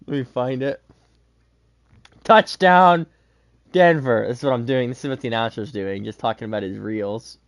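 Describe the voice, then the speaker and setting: A man's voice: medium pitch, moderate pace, pauses often, no echo. Man doing mock play-by-play, dry close sound. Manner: announcer cadence broken by laughs and rambling asides. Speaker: gamer calling his own football video game. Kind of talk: mock play-by-play commentary mixed with casual chat.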